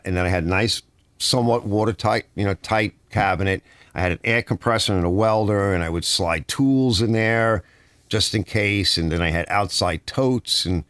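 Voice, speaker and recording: Low-voiced guy rambling on his live stream, reading chat, dry close sound. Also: fairly bright tone, no room sound. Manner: rambling, chatty, reads comments aloud.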